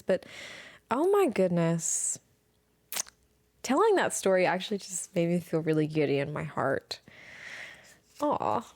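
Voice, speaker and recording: This is a young woman chatting on her own podcast, bubbly and gushing as she tells stories. Her voice sits in a middle pitch. The sound is close and dry, with no room around it. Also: darkish tone, dry recording. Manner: bubbly, gushing, exclaims often. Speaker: podcast host. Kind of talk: casual solo podcast storytelling.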